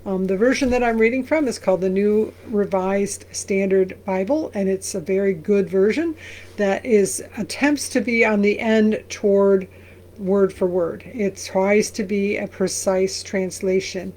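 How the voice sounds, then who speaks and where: A woman pastor who reads verses aloud slowly and then explains them in a conversational way. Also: mid-range voice, fairly even intonation, a little mellow. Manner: briefly sings lines of an old song. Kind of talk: Bible reading and commentary.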